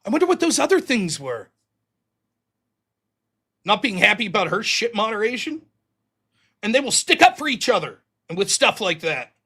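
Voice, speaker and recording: Man, livestream host, sarcastic heated rant, bright sharp tone, lively pitch. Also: normal speed, long pauses, husky.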